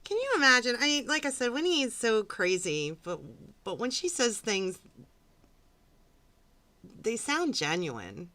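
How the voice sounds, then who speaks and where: A woman co-hosting a podcast, reacting to a recorded call in a sarcastic, expressive way. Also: fairly high pitch, unhurried, pauses often. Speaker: podcast co-host.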